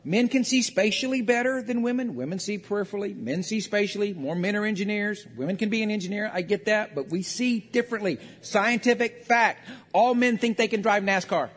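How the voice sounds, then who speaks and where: High-voiced man preaching in a reverberant hall. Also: brisk, few pauses. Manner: conversational preaching with acted-out quotes. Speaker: pastor. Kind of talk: sermon on marriage. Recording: long reverb of a large hall.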